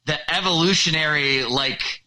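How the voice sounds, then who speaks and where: A man in a casual podcast chat, animated and profane, riffing on jokes. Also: on the high side, normal speed, rough recording.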